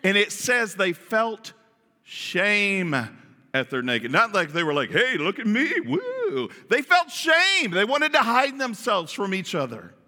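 A man teaching from the Bible in sermon style, animated and playful, asking his audience questions. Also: high voice, measured pace. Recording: long hall reverb.

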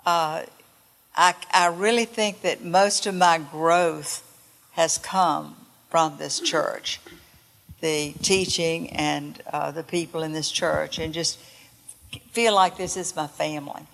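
A woman's voice: deep voice, steady tone, vocal fry, fairly bright tone. An older woman from North Carolina, giving a sincere personal testimony to her church. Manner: slow, sincere.

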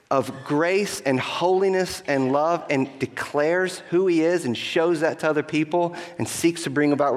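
A middle-aged man preaching a sermon as pastor, earnest, asking the congregation questions and slowing down to stress key phrases. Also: fairly high pitch. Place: church sanctuary. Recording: long reverb of a large hall.

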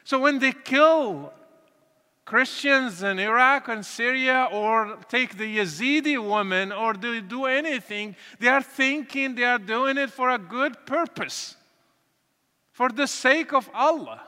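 High-voiced man preaching slowly. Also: bright, forceful tone, big-room sound. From Morocco. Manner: earnest, emotional storytelling with repetitions. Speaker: speaker giving his testimony. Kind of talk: sermon testimony.

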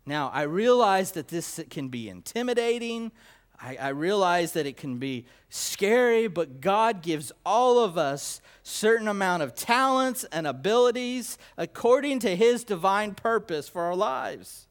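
A man preaching a sermon, swinging between loud emphatic declarations and low quiet asides, with repetition and stammered restarts. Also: lively intonation. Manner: slow, deliberate delivery with repetition and stammered restarts.

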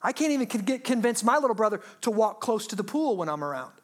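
A woman pastor preaching a sermon in a lively, humorous way, asking her listeners rhetorical questions. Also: a little high, fast, slight background noise.

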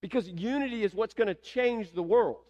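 A man's voice: high-pitched, normal speed, darkish tone. A man with a Southern American accent preaching a sermon, asking the congregation rhetorical questions. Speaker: pastor.

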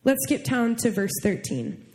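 A young woman pastor giving a chatty, animated sermon to a church audience. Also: fairly high pitch, unhurried. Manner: animated, chatty, with fillers and laughs.

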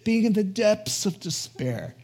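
A man's voice: high-pitched, very animated, unhurried, creaky, darkish tone, slightly rough, pitched above the performer's own voice, heavily acted. A man briefly voicing a theatrical, wistful young girl while retelling a film scene.

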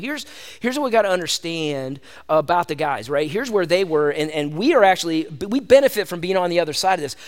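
High-voiced man preaching a lively sermon. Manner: animated, conversational preaching, calls the audience "gang". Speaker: pastor.

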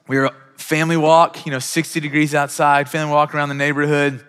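A man's voice: fairly high pitch, little pitch movement, quick pace, a bit bright, clear, resonant tone. A man in his thirties preaching a sermon as pastor, emphatic and full of rhetorical questions. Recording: long hall reverb.

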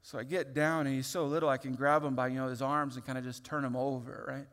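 A man in his thirties preaching a sermon, telling a personal story in a lively, open way with many restarts. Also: medium pitch, quick pace. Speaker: pastor. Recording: long hall reverb.

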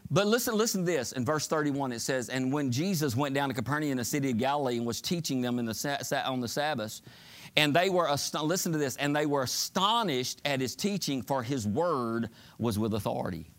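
A man's voice: mid-range voice, lively intonation, fairly quick. A man preaching a fervent sermon, asking the congregation for call-and-response amens. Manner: fervent, shouting climaxes, call-and-response asides.

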